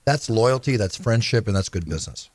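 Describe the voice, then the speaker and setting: Fast-talking lower-voiced male host. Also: lively intonation, darkish tone, no room sound. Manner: eager storyteller, asks questions. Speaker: podcast host. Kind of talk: interview hosting.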